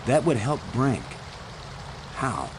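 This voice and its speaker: An actor playing a calm male expedition commander who talks in a dry, matter-of-fact way. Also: mid-range voice, takes it slowly, background noise.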